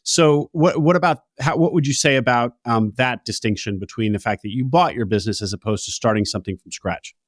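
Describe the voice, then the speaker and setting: Male interview host, mid-pitched, halting, dry studio sound. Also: no room sound. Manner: halting, restarts questions. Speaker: podcast host. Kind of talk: interview questions.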